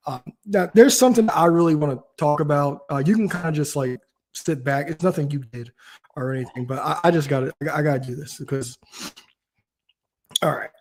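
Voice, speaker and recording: A man's voice: on the high side, brisk, darkish tone, slight background noise. A man hosting a casual talk show, ranting animatedly with frequent restarts. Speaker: podcast host. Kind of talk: casual chat.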